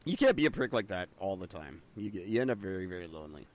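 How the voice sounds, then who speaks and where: Animated, swearing man co-hosting. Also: deep voice, fast talker. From Canada. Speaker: podcast co-host. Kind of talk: crude casual banter.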